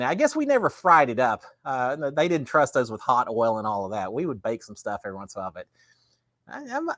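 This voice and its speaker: A middle-aged man with a drawl hosts a relaxed live show, chatty and rambling. His pitch swings up and down a lot. The sound is dry and close. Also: dry recording. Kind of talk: casual live-stream chat.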